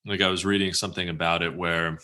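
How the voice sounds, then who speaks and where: A man's voice: low voice, level tone, fast, bright, forceful tone, clean tone. A man co-hosting a podcast, asking questions in a casual, rambling way. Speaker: podcast co-host. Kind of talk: casual interview chat.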